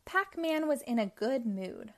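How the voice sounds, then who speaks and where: A woman hosting a children's storytime, reading a picture book aloud with slow, clear and expressive narration. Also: on the high side. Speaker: storytime host.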